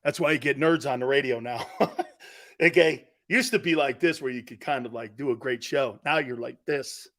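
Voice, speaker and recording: A middle-aged man hosting a sports talk show, telling stories in a loose, animated way and acting out the voices of the people he quotes. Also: medium pitch, moderate pace. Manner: animated storyteller, acts out quoted voices, laughs often. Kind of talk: casual storytelling monologue.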